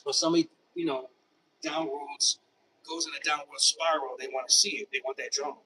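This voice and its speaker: Man, fairly high voice, rambling casual monologue full of restarts; recorded from across the room. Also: fairly even intonation, brisk, pushed and bright. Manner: rambling, repetitive, many restarts. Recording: distant mic with faint background noise.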